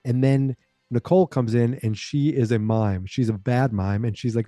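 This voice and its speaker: A man hosting a podcast, casually recapping a sitcom episode in a rambling way and jumping into a higher voice to quote the characters. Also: fairly even intonation, normal speed, warm tone, no echo. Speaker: podcast host.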